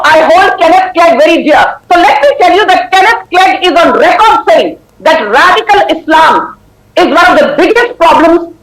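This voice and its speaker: A woman with an Indian English accent, a party spokesperson arguing loudly and insistently in a heated TV debate, talking over others. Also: very high voice, reverberant, poor audio. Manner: loud, insistent, cuts others off.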